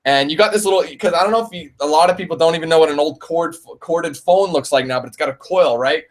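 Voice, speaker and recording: A young man answers viewer questions in a loose, rambling live Q&A. He laughs often and drops casual swearing. His speaking voice sits somewhat high for a man. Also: fast talker. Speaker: let's play channel host.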